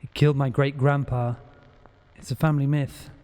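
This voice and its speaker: A man's voice: medium pitch, little pitch movement, normal speed, dark tone, clean tone, long reverb tail, lightly acted. A man voicing a frightened, panicking teenage boy in a horror audiobook. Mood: scared. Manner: anxious, breathless.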